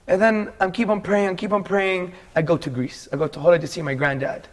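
A man's voice: high voice, fairly even intonation, quick pace, hardly any pauses. A man in his forties from England, earnestly telling his life story as a guest in a casual interview and calling the host bro.

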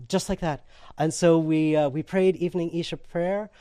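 A man telling a personal story in casual conversation, animated and laughing often as he acts out what other people said. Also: a little high, moderate pace, smooth, dry recording, studio quality.

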